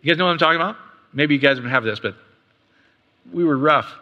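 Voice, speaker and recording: A middle-aged man preaching a sermon as pastor, conversational, with quick asides and rhetorical questions. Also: a little high, lo-fi sound. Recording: long reverb of a hall.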